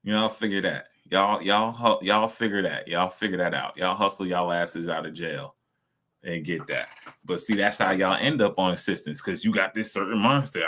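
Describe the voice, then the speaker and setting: A man's voice: sits low, moderate pace, bright, forceful tone. Blunt, profane man ranting casually. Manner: blunt, profane, mocking, acts out quoted voices. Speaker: streamer reacting to videos. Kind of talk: casual reaction commentary.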